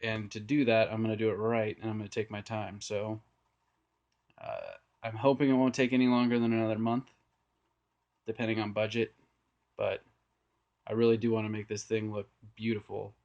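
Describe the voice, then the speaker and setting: Filming on his own phone, a young hobbyist wanders through an indoor home room packed with aquariums, giving a loose, rambling tank tour. His voice is fairly low and darkish, at a moderate pace with many pauses, and the sound is lo-fi.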